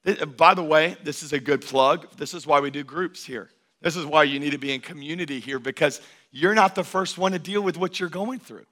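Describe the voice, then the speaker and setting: A male pastor delivering a sermon in a bright, forceful voice pitched a little high. He preaches in a rhythmic, repeating cadence. He swings between ringing emphatic calls and hushed, close asides. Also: brisk. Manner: emphatic, swinging from loud declarations to hushed intimacy.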